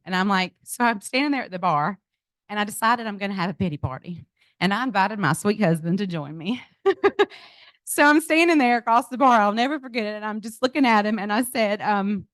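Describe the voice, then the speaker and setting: A middle-aged woman giving a lively personal testimony to a group, speaking to them directly. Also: medium pitch, no room sound. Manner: animated storytelling, addresses audience as y'all. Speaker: speaker at a business event. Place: event venue.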